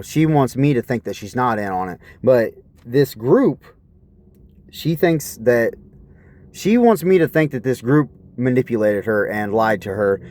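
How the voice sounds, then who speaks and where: A man's voice: medium pitch, darkish tone, dry recording. A man telling a rambling personal story in an aggrieved, profane way, asking again and again what is wrong with people. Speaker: vlogger.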